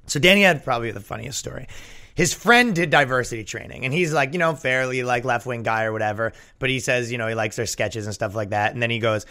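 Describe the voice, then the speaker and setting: A man hosting a comedy podcast, riffing sarcastically and jumping up in pitch for mocking asides. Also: sharp tone. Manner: sarcastic, jumps in pitch for mock quotes.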